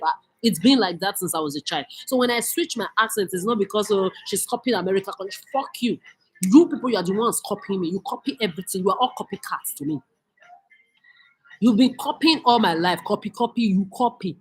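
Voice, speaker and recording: Woman, husky, angry vlog rant, accusing, profane, mid pitch. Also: lively intonation, a little fast. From Nigeria. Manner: heated, accusing, profane, repetitive. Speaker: vlogger.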